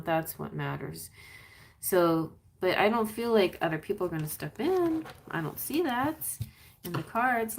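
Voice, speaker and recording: A woman hosting a live-stream tarot reading, chatty and rambling, laughing often and slipping into playful sing-song voices. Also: fairly low pitch.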